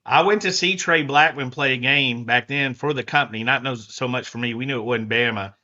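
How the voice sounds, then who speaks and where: A man with a bright, forceful tone tells lively stories on a sports talk show. He goes from low murmurs to excited bursts. The sound is muffled and lo-fi. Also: fairly quick. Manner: lively storyteller, swings from quiet to loud. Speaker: guest reporter. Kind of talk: casual sports talk storytelling. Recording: muffled lo-fi audio.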